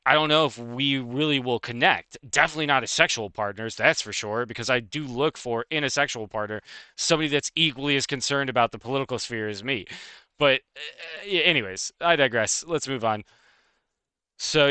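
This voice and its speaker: A man streaming live, ranting casually and fast with lots of swearing and laughter. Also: mid-range voice, pushed and bright, clean tone, no echo. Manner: fast, profane, heated and laughing.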